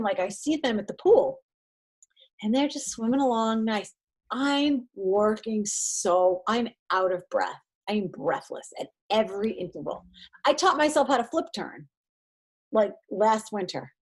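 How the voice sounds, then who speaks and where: Woman guest in her thirties, lively, husky tone, acts out quotes with her voice jumping up. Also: normal speed. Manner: animated, acts out quoted exchanges in a higher voice. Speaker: podcast guest, triathlete and mindset coach. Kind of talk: casual interview talk.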